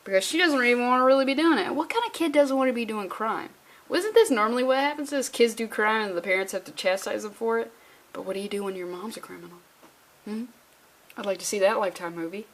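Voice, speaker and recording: A young woman rambles through a comic book review in a casual vlog. She is sarcastic and swears freely. Her voice sits a little high for a woman. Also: fast talker.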